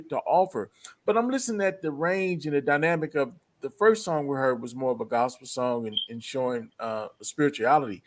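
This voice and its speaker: A man's voice: fairly high pitch, a bit bright. Radio co-host guy, stops and starts a lot, easygoing. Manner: halting, searching for words, complimentary. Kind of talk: casual radio interview chat.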